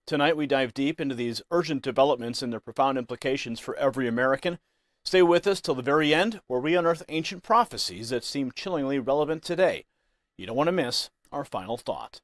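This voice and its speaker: A man's voice: on the high side, no room sound. A man presenting scripted news commentary with a dramatic, emphatic delivery.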